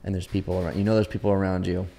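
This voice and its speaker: Gravelly low-voiced man chatting casually. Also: flat delivery, racing, mellow, a little hiss or hum. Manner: rambling, thinks aloud with many fillers. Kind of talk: casual chat.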